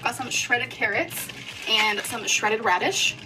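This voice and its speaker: A woman vlogger showing off her grocery haul, listing items one by one in an unhurried way. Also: on the high side, distant mic, noisy background.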